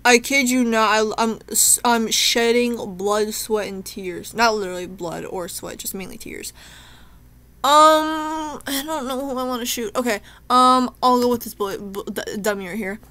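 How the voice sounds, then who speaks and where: A young gameplay streamer talks to herself through her let's play, chatty and emotional, shaken to the point of tears. Her voice is a little high and sharp in tone, at normal speed.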